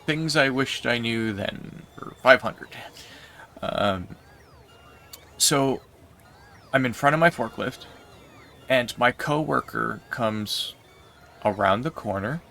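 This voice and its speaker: A man livestreaming while gaming, telling a long story in a rambling, unhurried way with lots of fillers. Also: medium pitch, vocal fry, pushed and bright, slight background noise.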